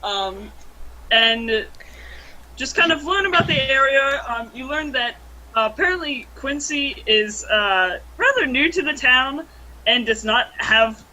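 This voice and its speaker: A young woman running a tabletop game over a voice call, recapping the last session slowly, with lots of ums and easy laughs. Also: high-pitched, lively intonation, bright, forceful tone, rough recording. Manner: unhurried, filler-heavy, laughs easily. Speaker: game master. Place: room at home. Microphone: computer mic on a voice call.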